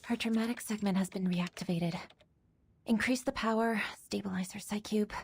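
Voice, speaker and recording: A woman's voice: mid-range voice, fairly even intonation, normal speed, vocal fry, breathy edge. A woman voicing a stern female clinic official in a game who speaks formally and follows orders. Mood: clinical. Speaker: rehabilitation center staff in a game.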